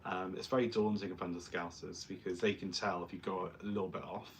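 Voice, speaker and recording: A young man talks through his drag makeup in a loose, rambling vlog chat. His voice sits fairly low, and he keeps slipping in self-mocking jokes as he goes. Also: steady tone, a little fast, a little hiss or hum. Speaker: drag performer and vlogger. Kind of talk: casual vlog chat while doing makeup.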